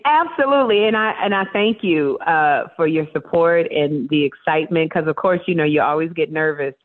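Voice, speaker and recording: A woman guest in a casual interview, telling stories with animated energy and acting out voices. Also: low-pitched, fairly quick, no room sound. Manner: animated storyteller, acts out voices. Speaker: talk show host guest. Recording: tinny phone line.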